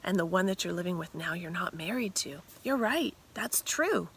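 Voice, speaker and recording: A woman voicing a calm, gentle male teacher figure in a retold story, speaking softly and earnestly. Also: fairly low pitch, normal speed, gravelly, slight background noise.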